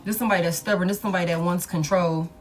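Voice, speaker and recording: A woman's voice: fairly low pitch, fairly even intonation, racing, over music. A woman giving a collective love tarot reading in a blunt, profane, emphatic way, talking to the cards and repeating her points. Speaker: tarot reader.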